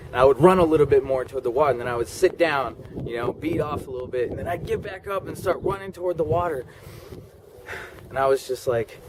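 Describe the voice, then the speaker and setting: A man's voice: medium pitch, background noise. A man telling a personal story in a rambling way, full of "like" and "okay?" asides. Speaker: vlogger.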